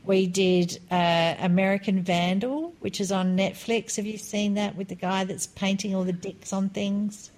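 A woman in her forties co-hosting a podcast, chatting casually and telling animated stories. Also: mid-range voice, measured pace, hardly any pauses. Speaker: podcast co-host. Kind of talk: casual chat.

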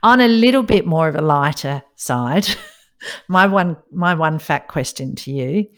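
A woman's voice: sits low, animated, measured pace. A woman from Australia co-hosting a podcast in casual chat, laughing often as she tells stories. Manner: chatty, laughs often, storytelling. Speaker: podcast co-host.

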